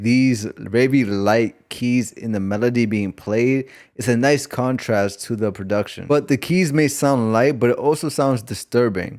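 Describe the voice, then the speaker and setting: A man's voice: mid-range voice, a little mellow. A young man giving a casual album review, talking loosely with lots of filler words. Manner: loose, conversational, heavy on "like" fillers. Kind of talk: casual music review monologue.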